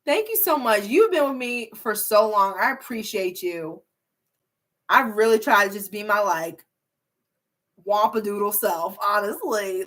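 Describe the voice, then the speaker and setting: A woman's voice: mid-range voice, a bit bright. A young woman YouTuber chatting casually on a livestream, reading viewer comments in a bubbly, rambling way with plenty of filler words. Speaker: beauty and hair YouTuber.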